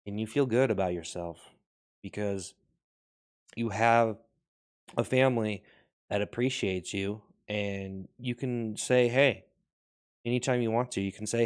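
Earnest low-voiced man, absurd monologue. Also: measured pace, long pauses. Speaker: comedy video creator. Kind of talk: absurd deadpan comedy monologue.

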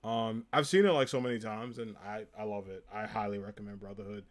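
A man's voice: lowish voice, steady tone, a little fast. A young man with a New Jersey accent chatting casually on a live stream, upbeat and full of ums and likes. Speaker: live streamer showing a convention haul.

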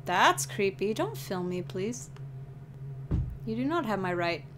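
A young woman commenting on a video game she is playing, excitable and emotional, with loud reactions. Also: mid-range voice, measured pace, noisy background. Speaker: gamer. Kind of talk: let's play commentary.

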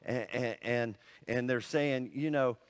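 A male pastor preaching a sermon in an animated, conversational way, full of asides and exclamations. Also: mid-range voice, slow.

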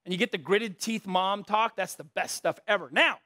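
A middle-aged pastor with a rather high male voice delivers a conversational sermon at a normal pace, sounding easygoing. He shifts between sincere points and jokey asides, often poking fun at himself in his stories. The recording is dry and close-miked, with no echo from the room.

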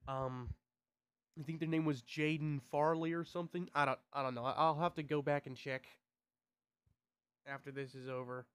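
A young man with a slightly high voice chats to his subscribers in a loose vlog, rambling, stumbling over his words and swearing now and then. The sound is close and dry, with no room echo at all. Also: steady tone, moderate pace, pauses often, a bit bright, clear, resonant tone. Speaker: YouTuber.

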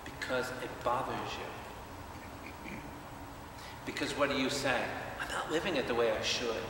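A man, a priest, preaching a lively Bible study to a congregation, asking questions and acting out quotes. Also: mid-range voice, moderate pace, noisy background. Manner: animated, questions the audience, acts out quotes. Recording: echoey hall, speaker far from mic.

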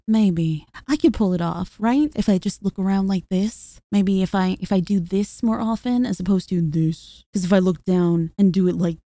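A woman's voice: medium pitch, moderate pace, few pauses, warm tone, no room sound. A young adult woman streamer talking casually to her viewers, rambling and hesitant with lots of fillers and small laughs. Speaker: VTuber streamer. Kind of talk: casual talk to camera.

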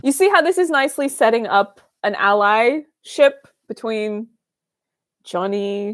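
Excitable young woman gushing over a film. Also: a little high, a little slow, dry recording. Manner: excitable, gushing, laughs often. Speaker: film commentator streamer. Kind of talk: casual watch-party commentary.

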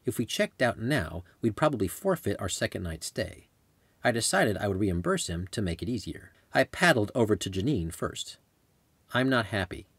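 A man reads his travel memoir aloud in a conversational storytelling way. His voice is low and a little husky, with lively rises and falls. The recording is dry and close. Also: normal speed, no echo. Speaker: author and narrator. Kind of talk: audiobook memoir narration.

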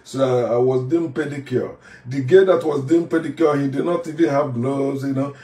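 A man's voice: medium pitch, fairly even intonation, moderate pace, dark tone. A former pastor with a Nigerian accent delivering a heated, preachy monologue, hammering his points by repeating phrases. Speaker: former pastor turned online commentator. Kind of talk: heated monologue rant to camera. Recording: echoey room, voice from a distance off the mic.

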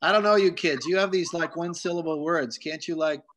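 A man's voice: a little high, fairly quick, a bit bright, a little hiss or hum. A man hosting a video call, joking around and reading out greetings from viewers. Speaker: host. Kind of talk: casual chat on a video call.

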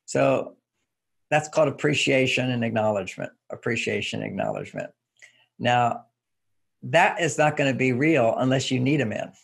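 A man with a deeply gravelly, husky voice talks through his ideas as an interview guest. He teaches through everyday stories and chuckles often along the way. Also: sing-song, moderate pace. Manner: anecdotal, instructive, chuckling. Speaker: relationship author and guest. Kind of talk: relaxed interview talk.

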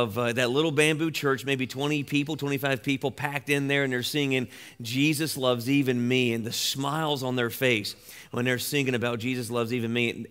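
A man's voice: medium pitch, a bit bright, clean tone. A man pastor giving informal remarks in a church service, telling a story in a conversational way with frequent fillers. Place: church sanctuary.

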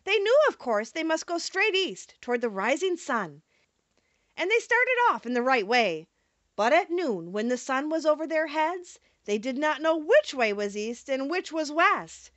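A woman narrating a storybook audiobook in an expressive reading manner. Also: high-pitched, measured pace, no room sound.

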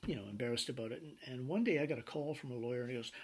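A man lecturing a business class with animated personal anecdotes, acting out what people said. His voice is husky and mid-pitched. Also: rapid-fire, few pauses. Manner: animated storyteller acting out quoted dialogue. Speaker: business instructor.

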